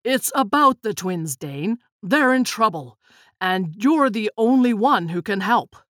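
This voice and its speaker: A woman's voice: mid-range voice, lively intonation, a little slow, fairly bright tone, no echo, studio quality. A woman voicing a cold, scheming male villain in a storybook reading, speaking with a sneer. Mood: menacing. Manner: sneering, menacing.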